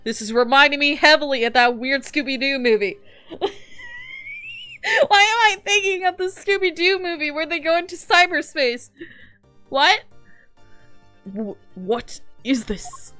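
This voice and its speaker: A woman giving casual, chatty commentary while playing a game, often getting excited and animated. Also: sits high, measured pace, pauses often, no room sound, soft background music. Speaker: game streamer.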